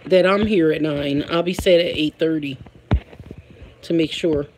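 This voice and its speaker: A woman's voice: deep voice, unhurried, a little mellow, slight background noise. A woman with a Philadelphia accent chats casually on a live stream from home. She is talkative, laughs often, and keeps calling out to her viewers by name. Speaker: livestream host.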